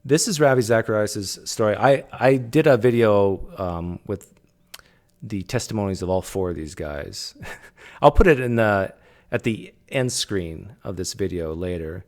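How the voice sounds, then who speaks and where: Lower-voiced man musing in casual commentary. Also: a little slow. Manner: thinking aloud, with many fillers and restarts. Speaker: video commentator.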